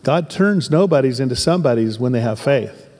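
A man's voice: medium pitch, animated, a little fast, a little mellow, big-room sound. A man in his sixties from southern Oregon, a pastor giving an emphatic sermon full of repetition and folksy asides.

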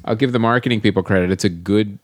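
A man's voice: on the low side, fast. A man co-hosting a film podcast, joking and agreeing in casual chat. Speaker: podcast co-host.

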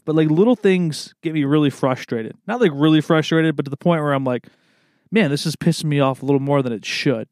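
Laid-back young man, slightly higher voice. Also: no room sound, clean studio sound. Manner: laid-back, rambling, peppers talk with "man" and "dude". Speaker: podcast host. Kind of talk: casual solo chat.

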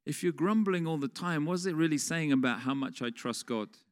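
A man's voice: fairly high pitch, a little fast. A man preaching a sermon in a conversational way, putting questions to the congregation. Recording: long reverb of a large hall.

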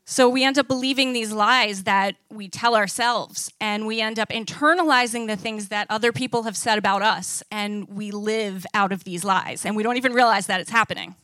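Bright, dry-sounding woman preaching. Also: medium pitch, normal speed, few pauses, no echo. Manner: conversational, asks the audience questions. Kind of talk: sermon.

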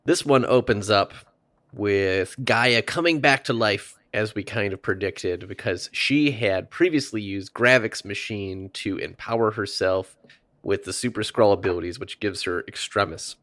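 A man's voice: on the low side, unhurried, fairly bright tone, no room sound. A man co-hosting a podcast, casually recapping a TV episode from his notes with loose, laughing asides. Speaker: podcast co-host.

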